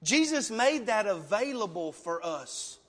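Impassioned high-voiced preacher man. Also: sing-song, a little slow. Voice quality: passionate, emotional, loud at times. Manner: rhetorical questions, pleading. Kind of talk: sermon with altar call. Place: church sanctuary. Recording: long reverb of a large hall.

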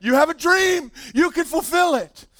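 A man preaching a sermon as pastor in a church, animated, swinging from loud emphasis to quiet asides. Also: very high-pitched, moderate pace, no echo, clean studio sound.

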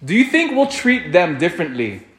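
A man giving a sermon as a priest, animated and full of rhetorical questions, often repeating himself. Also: high-pitched, moderate pace, reverberant. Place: church.

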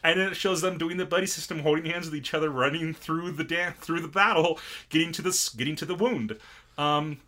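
A man's voice: a little high, a little fast. A man co-hosting a casual podcast, animatedly recapping an anime episode and acting out scenes. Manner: animated storytelling, acts out scenes. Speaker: podcast co-host.

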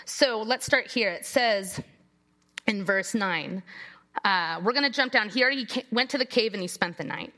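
An American woman preaching a sermon in a church, talking in a lively, conversational way with dramatic quoted asides. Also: a little high, brisk.

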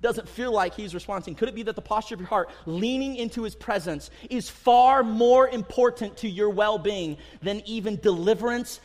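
A man's voice: high-pitched, moderate pace, hardly any pauses. A man in his thirties preaching a sermon to a congregation, talking casually and acting out quotes with rising emphasis. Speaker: pastor. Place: church sanctuary. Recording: long hall reverb.

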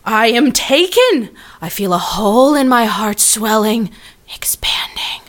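A woman's voice: a little high, big pitch swings, moderate pace, bright, forceful tone. A young woman in a comedy sketch, playing her own effusive, melodramatic emotional side. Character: young woman's gushing, dramatic emotional self.

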